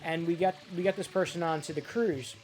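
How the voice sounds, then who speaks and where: Brief: joking guy on a stream, slightly high voice, faint music behind. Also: fairly even intonation, brisk, a little mellow. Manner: joking, laughs along. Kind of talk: casual chat.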